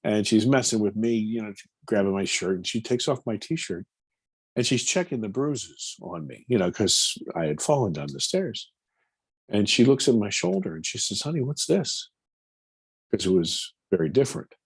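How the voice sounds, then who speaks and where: A man in his fifties, a film producer, earnestly recounting a personal story in an interview, halting and repeating words as he goes. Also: fairly low pitch, animated, husky, dry recording.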